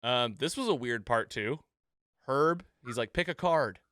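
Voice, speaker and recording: A podcast co-host with a mid-range voice recaps an episode at a slightly slow pace, recorded in a clean, dry studio with no room sound. He's animated and laughs a lot, acting out the lines he quotes.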